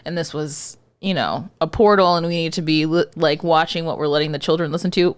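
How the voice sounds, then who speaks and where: Lower-voiced wry woman podcast co-host. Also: steady tone, brisk, hardly any pauses, clean tone. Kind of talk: casual chat.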